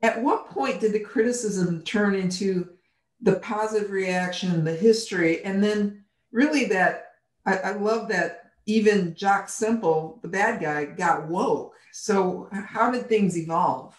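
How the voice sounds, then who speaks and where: A woman's voice: mid-range voice, unhurried, recorded from a distance. A woman co-hosting an interview, eagerly stumbling into her questions. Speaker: podcast co-host. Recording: roomy sound from off-mic.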